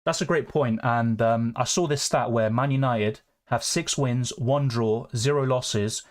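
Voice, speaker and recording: A man's voice: medium pitch, a little slow. Casual man streaming live. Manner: casual, chatty, reads out viewer comments. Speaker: fantasy football streamer.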